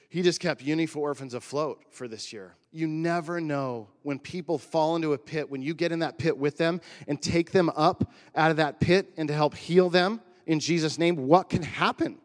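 A man's voice: on the high side, moderate pace, in a large hall. A man in his forties from Northern California telling a personal story as a pastor's sermon, in a conversational, emotional way with surfer slang. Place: church.

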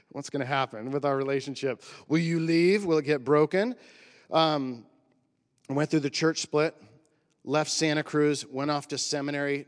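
A man's voice: medium pitch, clean tone, in a large hall. A man in his forties from Northern California telling a personal story as a pastor's sermon, in a conversational, emotional way with surfer slang. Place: church.

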